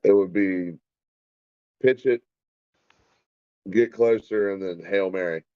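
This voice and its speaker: Laid-back man with a low voice. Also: slow, clear, resonant tone, no room sound, dull audio. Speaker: co-host. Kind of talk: casual live game reaction.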